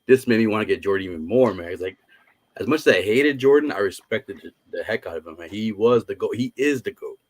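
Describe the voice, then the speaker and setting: Casting: relaxed man, lowish voice, casual collector chat over a video call. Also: quick pace, husky, dry recording. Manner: easygoing, says "man" a lot. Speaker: collector, stream guest.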